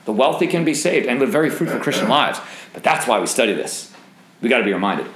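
A man's voice: medium pitch, animated, quick pace, a crowd in the background. Man teaching a Bible study, roomy echo. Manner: conversational, asks the group questions and jokes. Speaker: young singles Bible study leader.

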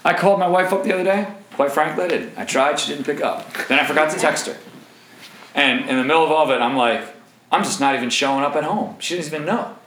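A man in his thirties preaching a sermon in an animated, joking way, with asides to the crowd. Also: fairly high pitch, fast, roomy sound, rough recording. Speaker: pastor.

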